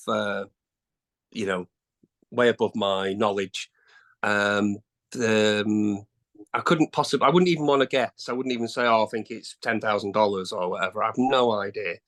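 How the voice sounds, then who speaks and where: A man's voice: mid-range voice, fairly bright tone. Middle-aged male singer, casual guest, rambling, hesitant restarts. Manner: rambling, chatty, many fillers and restarts. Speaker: singer in a tribute band, interview guest. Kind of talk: casual interview answers.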